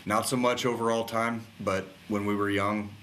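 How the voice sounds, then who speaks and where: A man's voice: on the low side, flat delivery, normal speed, fairly bright tone, slight background noise. A man co-hosting a podcast, delivering a raw, emotional monologue full of swearing. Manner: heavily profane, raw and emotional. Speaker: podcast co-host.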